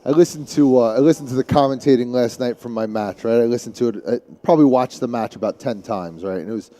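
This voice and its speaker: A Staten Island man with a thick New York City accent chats as a guest commentator on a live pool match. His mid-range voice is mellow and quick, and he rambles, restarting his sentences often.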